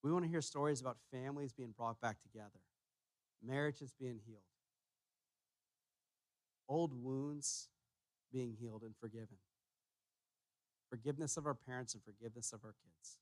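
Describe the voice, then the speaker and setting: A man's voice: medium pitch, moderate pace, pauses often, dry recording. Emphatic male pastor preaching. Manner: emphatic, repeats key phrases, rises in volume on points. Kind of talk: sermon. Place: church sanctuary.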